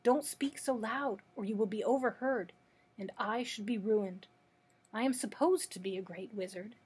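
A woman's voice: fairly high pitch, normal speed, a little mellow, breathy edge. A woman voicing a timid little old man who pretends to be a great wizard, speaking meekly and trembling. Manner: trembling, pleading, meek. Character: blustering little old male humbug wizard.

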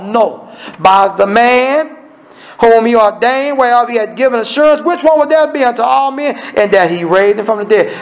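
A man preaching an evening sermon with a Southern US accent, swinging between low murmurs and emphatic high exclamations. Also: low-quality recording. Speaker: minister.

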